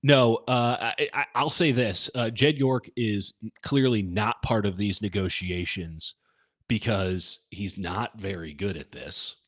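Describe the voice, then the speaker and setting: A man's voice: lowish voice, takes it slowly, a bit bright. A man co-hosting a casual sports podcast, wry and self-deprecating, with jokey asides. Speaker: podcast co-host.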